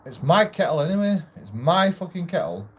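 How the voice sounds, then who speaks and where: A man's voice: fairly high pitch, sing-song, a little fast, breathy edge. Grumbling sweary man. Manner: sweary, grumbling, rambling with restarts. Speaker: vlogger. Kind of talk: casual ranting monologue. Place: room in a shared house.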